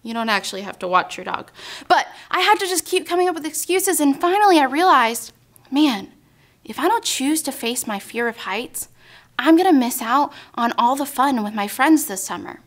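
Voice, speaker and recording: A young woman speaking to kids at church, telling an animated, dramatic story and calling her listeners "guys". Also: high-pitched, moderate pace. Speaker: children's ministry speaker. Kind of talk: storytelling devotional talk for kids.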